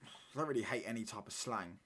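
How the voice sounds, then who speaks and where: A young man chatting casually and slangily on a live football watchalong stream, sometimes getting loud when he rants. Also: fairly low pitch, fast talker, breathy edge. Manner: casual slangy banter, repeats phrases, gets loud when ranting.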